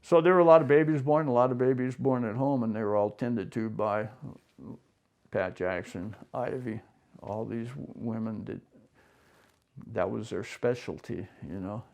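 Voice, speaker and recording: An older man recounts local stories to an interviewer in a casual, meandering way. His gravelly, fry-laden voice sits at an ordinary middle pitch. He slips into quick impressions of the people in his tales. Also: darkish tone. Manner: rambling anecdotes, acts out other people's lines. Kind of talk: casual storytelling.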